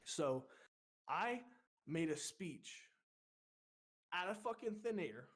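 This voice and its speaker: Profane, animated storytelling man. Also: fairly high pitch, takes it slowly, slightly rough. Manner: profane, animated, jumps loud when quoting himself. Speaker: podcast co-host. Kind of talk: casual storytelling.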